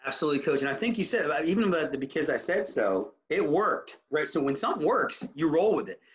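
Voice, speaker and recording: Animated rambling coach, muffled sound. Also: male voice, on the high side, fast talker. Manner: animated, rambling, full of restarts and self-quotes. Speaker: high school basketball coach, guest. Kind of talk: casual podcast interview. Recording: slightly muffled audio.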